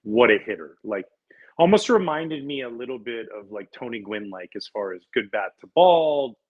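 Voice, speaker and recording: Animated Canadian ex-pitcher telling stories. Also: male voice, moderate pace, narrow, tinny audio. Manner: animated storyteller, laughs often, restarts words. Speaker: former pitcher, guest. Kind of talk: casual interview chat, storytelling.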